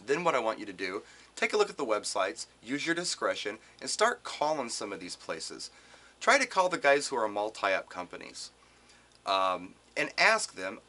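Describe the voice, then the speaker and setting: A man's voice: mid-range voice, normal speed. A middle-aged man from Wisconsin, a DJ giving casual advice to other DJs and acting out callers in changing voices. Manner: animated, acts out quoted callers in shifting voices.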